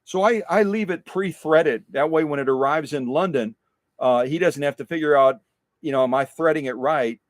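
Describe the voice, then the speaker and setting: Middle-aged male workshop host, talkative and self-mocking, a touch high-pitched, dry recording. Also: moderate pace, no room sound. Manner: chatty, repeats phrases, self-deprecating. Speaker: livestream host restoring sewing machines. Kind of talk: casual live-stream chat while working.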